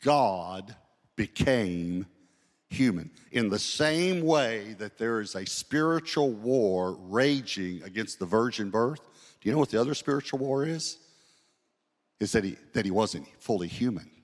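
Low-voiced male pastor preaching in a reverberant hall. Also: lively intonation. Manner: storytelling with quoted dialogue, slows down to read scripture. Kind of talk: sermon.

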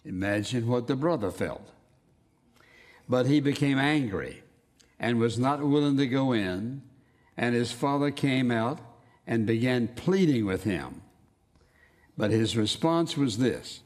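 A man preaching a sermon, reading scripture aloud and stressing key words with slow emphasis. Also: medium pitch, expressive. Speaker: pastor. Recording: long hall reverb.

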